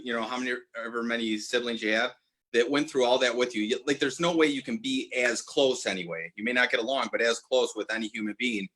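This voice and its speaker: A man's voice: mid-range voice, pushed and bright. A man in his forties telling a personal story as a podcast guest, earnest, often restarting and correcting himself. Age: 40s. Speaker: guest, apparel brand owner.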